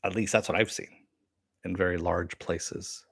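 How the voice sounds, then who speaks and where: A middle-aged man hosting a live-stream review, chatting casually and answering viewer comments with many fillers and pauses. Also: low voice, fairly even intonation, a bit bright, dry recording, studio quality. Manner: rambling, with frequent fillers and throat clearing.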